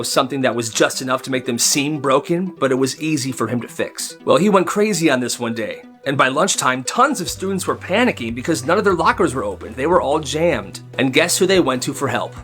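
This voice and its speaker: A man narrating funny school stories in a lively, hyped-up storytime style. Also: medium pitch. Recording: faint music behind.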